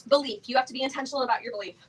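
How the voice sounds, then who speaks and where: High-voiced chatty woman speaking to a crowd. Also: rapid-fire, slightly rough, distant mic, poor audio. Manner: chatty and playful, many fillers, acts out quotes with laughter. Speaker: motivational speaker at a sales event. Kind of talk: motivational talk to a live audience. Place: on a stage before an audience.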